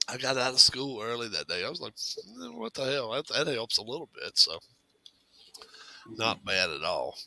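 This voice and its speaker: A man's voice: on the low side, expressive, moderate pace, bright, forceful tone, a little hiss or hum, low-quality recording. A man telling a funny childhood story in a casual chat, drawling and acting out what others said. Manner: drawling, laughing storyteller who acts out quotes.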